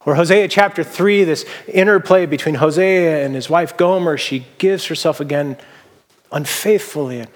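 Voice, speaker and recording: A man's voice: on the high side, normal speed, long reverb tail. Man preaching a conversational sermon. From Seattle area, US. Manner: casual, anecdotal storytelling with fillers. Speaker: pastor.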